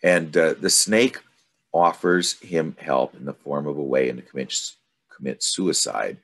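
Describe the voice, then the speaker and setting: A man leading a study group, reading aloud from a story and commenting on it in an unhurried, thoughtful way. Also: very deep voice, fairly bright tone, breathy edge. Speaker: study group discussion leader.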